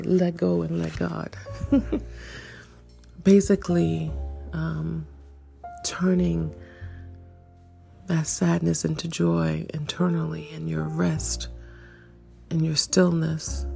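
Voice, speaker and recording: A woman in her fifties hosting a reflective solo monologue, searching and questioning herself, with soft laughs. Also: low voice, level tone, slow pace, vocal fry, pauses often, faint music behind. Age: 50s. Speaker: podcast host.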